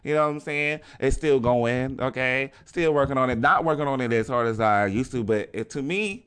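A man's voice: medium pitch, moderate pace, a bit bright, clean tone. A man hosting a podcast, delivering a casual motivational monologue in a blunt, profane way and often tossing in "okay?". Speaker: podcast host.

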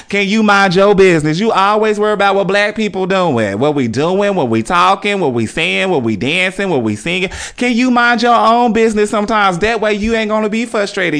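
A man of middle pitch hosts a podcast, handing out casual life advice. He talks in an animated way and breaks into laughter often. He addresses the listener as "girl" and ends nearly every point with a questioning "okay?". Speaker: podcast host.

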